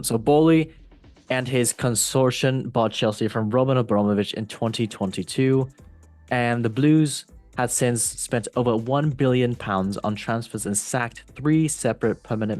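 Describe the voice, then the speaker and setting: A man's voice: mid-range voice, normal speed, darkish tone, faint music behind. A man hosting a casual football podcast, reading news items aloud and cutting in with joking asides. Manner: jokey, loose, asides while reading. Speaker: podcast host.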